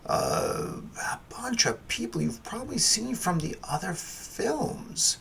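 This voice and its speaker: A man's voice: sits high, sing-song, slow pace, vocal fry, a bit bright, a little hiss or hum. A man hosting a film review podcast, talking casually in a rambling, wry way with frequent restarts and asides.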